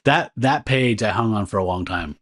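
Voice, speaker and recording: A man's voice: lowish voice, moderate pace, a bit bright. A man co-hosting a casual podcast, recapping a comic story in a rambling, laughing way with many fillers. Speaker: podcast co-host. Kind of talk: casual comic book discussion.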